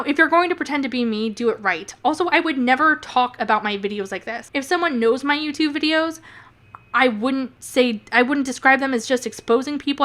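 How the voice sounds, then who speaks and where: A woman's voice: on the high side, a bit bright. A woman YouTuber giving casual commentary, sarcastic, swearing and often laughing.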